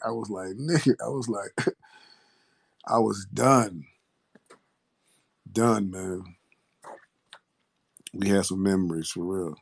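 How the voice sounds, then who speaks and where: A man's voice: on the low side, creaky, a little mellow. A man telling a story in a laid-back, profane way, laughing often as he goes. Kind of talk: casual storytelling.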